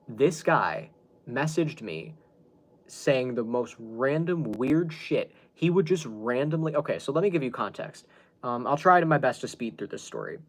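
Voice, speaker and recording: Guy hosting a podcast, rambly casual storytelling, lots of ums and restarts. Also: medium pitch. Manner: rambling, with many fillers and restarts. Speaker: podcast host.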